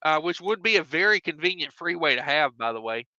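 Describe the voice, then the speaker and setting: A man's voice: fairly high pitch, animated, sharp tone, no echo, highs cut off. A man hosting a trucking live stream, chatting casually and reading viewer comments aloud with easygoing fillers. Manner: easygoing, drawn-out filler sounds, reads chat aloud. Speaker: host of a trucking live show.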